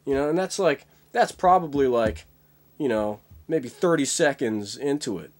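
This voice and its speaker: A man's voice: medium pitch, expressive, normal speed. A young man vlogging in a casual, rambling monologue, full of fillers and swearing. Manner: rambling, many fillers, profane.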